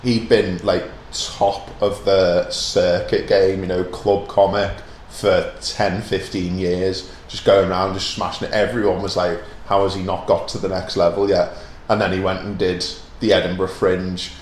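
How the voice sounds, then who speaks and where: A man's voice: low voice, little pitch movement, a little slow, few pauses. A man musing thoughtfully in a casual chat, trailing off into tag questions. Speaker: podcast guest. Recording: roomy echo with faint background noise.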